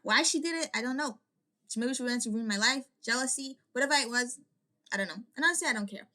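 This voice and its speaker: A woman's voice: on the high side, quick pace, bright, forceful tone. A young woman vlogger telling a personal story in a casual, rambling way, full of "like" fillers and restarts.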